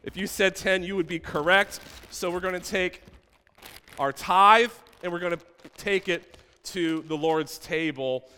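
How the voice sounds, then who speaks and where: A man's voice: sits high, unhurried, pushed and bright, clear, resonant tone, in a large hall. A man preaching a playful sermon from a church stage, asking the congregation questions. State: out of breath. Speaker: pastor. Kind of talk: sermon with props.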